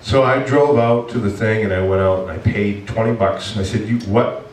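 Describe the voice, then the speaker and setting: Pastor telling a story from far off. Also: male voice, fairly low pitch, moderate pace, slight background noise. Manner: animated, self-mocking, acts out his own complaints. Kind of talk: storytelling sermon. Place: church hall. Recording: echoey room from far off.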